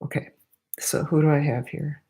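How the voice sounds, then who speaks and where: Fighting allergies and sniffling, this middle-aged YouTube livestream host rambles nervously and goofily in casual chat. Through her laptop mic, her low-pitched, dark voice has a breathy edge, little pitch movement, and normal speed.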